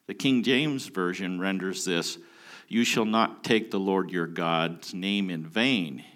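A lower-voiced man leads a scripture study. He talks casually, then slows down and leans hard on key words. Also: fairly bright tone. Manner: emphatic, stresses key words. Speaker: teacher. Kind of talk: Bible teaching.

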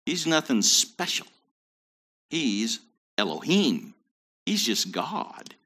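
A man's voice: mid-range voice, big pitch swings, slow, bright, forceful tone. A man teaching a Bible study in a conversational way, with joking asides.

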